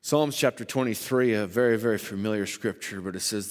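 A man preaching a sermon as pastor, starting in a low conversational voice and building to loud, rising emphasis, with slow, stressed scripture reading. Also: long reverb tail. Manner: reads scripture slowly with heavy emphasis. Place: church sanctuary.

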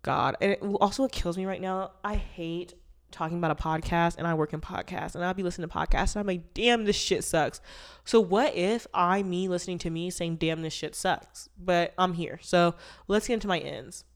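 A young woman hosts her own podcast solo, talking candidly and playfully. Her voice sits a bit low for a woman. A stuffy nose from allergies colors her speech. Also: brisk. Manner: chatty, candid and playful, with bursts of loud laughter and sung lines. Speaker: podcast host. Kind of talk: casual solo podcast chat.

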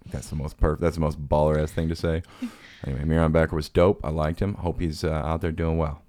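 Very deep-voiced man telling stories. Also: level tone, a little fast, few pauses, dark tone, dry recording, clean studio sound. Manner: rambling, profane, self-mocking with quoted impressions. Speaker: podcast host. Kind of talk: casual storytelling chat.

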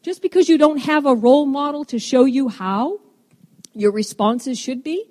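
A woman's voice: high-pitched, normal speed, darkish tone. A middle-aged woman giving a sermon, speaking in an earnest, emphatic way and asking her listeners rhetorical questions. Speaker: women's ministry speaker. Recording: long reverb in a large hall.

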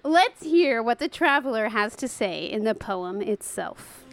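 Woman host, somewhat high pitch, playful and giggly, casual music talk. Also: big pitch swings, unhurried. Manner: playful, laughs often. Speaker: podcast host.

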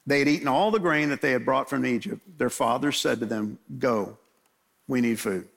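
A man's voice: medium pitch, fast, creaky, a bit bright. A man preaching an expository sermon in a casual, conversational way, briefly voicing the people in the story. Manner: conversational, acts out biblical characters' voices.

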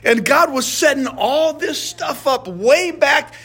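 A man's voice: extremely high pitch, expressive, slow, a bit bright. A middle-aged man leading a casual Bible study, earnest and heartfelt, often stumbling and repeating words as he talks.

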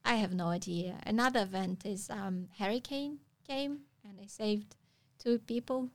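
With no echo on the recording, a woman from Russia shares a story as a guest in a casual storytelling interview. She speaks at medium pitch, her non-native phrasing halting and broken by frequent pauses.

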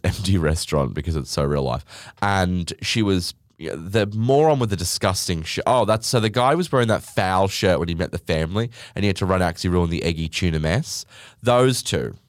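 A man's voice: low voice, no room sound, clean studio sound. Sarcastic, swearing young man. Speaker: podcast host. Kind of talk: casual podcast rant.

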